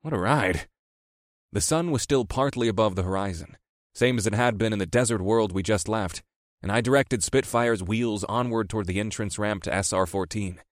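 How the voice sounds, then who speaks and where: Man, audiobook narrator, fairly low voice, wry easygoing telling, dry close sound. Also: brisk, dry recording. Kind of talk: first-person audiobook narration.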